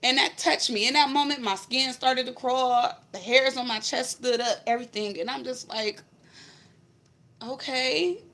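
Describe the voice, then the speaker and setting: A woman's voice: on the high side, fairly even intonation, moderate pace, few pauses, a bit bright. A woman vlogger telling a personal spiritual story in a blunt, emphatic, profane way. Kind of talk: casual storytelling to camera.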